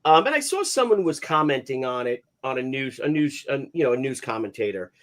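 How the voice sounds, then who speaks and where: A man hosting a live stream in casual chat, greeting viewers by name in an animated, chatty way. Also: mid-range voice, brisk. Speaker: host of live comics stream.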